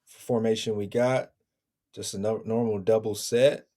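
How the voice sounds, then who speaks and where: A man joining a podcast as a guest analyst, breaking down football film in a measured, analytical way. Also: fairly low pitch, fairly even intonation, dark tone. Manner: measured, analytical, chuckles between points.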